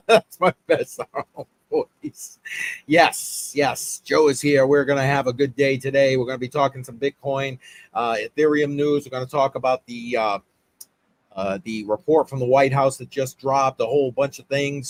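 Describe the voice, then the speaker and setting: Casual male livestream host, chatty and upbeat, lots of "uh"s, mid-pitched. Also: dry recording. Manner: rambling, upbeat shout-outs with many fillers.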